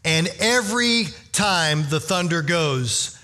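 A pastor preaching a sermon in a conversational, storytelling way, with animated emphasis. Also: male voice, on the high side, slow pace, soft background music.

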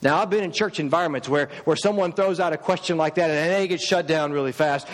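A man's voice: fairly high pitch, fast talker, few pauses. A male pastor delivering a sermon, asking one rhetorical question after another with rising emphasis. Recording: long hall reverb.

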